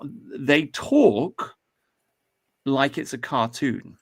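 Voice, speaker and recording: A man's voice: mid-range voice, lively intonation, drawn-out words, breathy edge. A man hosting a casual chat, rambling and swearing as he airs his views. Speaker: podcast host.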